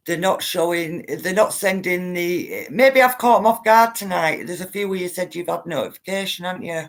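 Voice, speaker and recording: Blunt woman live-streaming. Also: on the low side. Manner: blunt, emphatic, repeats herself for stress; addresses viewers directly. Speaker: livestreamer reading viewer comments. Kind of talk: casual live-stream talk.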